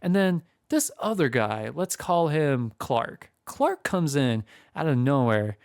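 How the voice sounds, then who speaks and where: A man's voice: on the high side, big pitch swings, slow pace, dry recording, clean studio sound. A young man telling a casual storytime tale, chatty, acting out what people said. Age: young adult.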